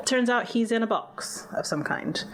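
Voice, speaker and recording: A woman co-hosting a podcast in casual chat, relaxed and making joking asides. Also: on the high side, normal speed, slight background noise. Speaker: podcast co-host.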